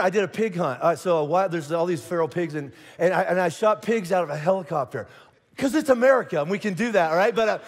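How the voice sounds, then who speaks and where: Joking high-voiced pastor in a big hall. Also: male voice. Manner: joking, self-mocking, lots of restarts. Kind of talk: joking sermon opening. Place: large church auditorium with long reverb.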